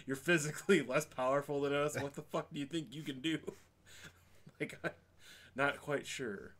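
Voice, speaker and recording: Bright-voiced man in crude banter. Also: a little high, measured pace. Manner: profane, filler-heavy, laughing. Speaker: podcast co-host. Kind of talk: casual crude chat.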